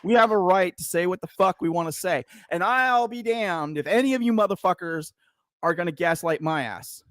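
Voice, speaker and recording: A man's voice: high voice, normal speed, no room sound. Fired-up, foul-mouthed middle-aged man ranting. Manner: heated, profane, shouting rant. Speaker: podcast co-host, veteran. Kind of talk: casual podcast rant.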